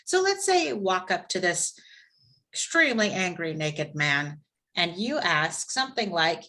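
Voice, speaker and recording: Woman instructor, bright clear voice, chatty storytelling teacher on a video call. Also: fairly low pitch, a little slow. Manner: conversational, lively storytelling with asides. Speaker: class instructor. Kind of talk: live online class.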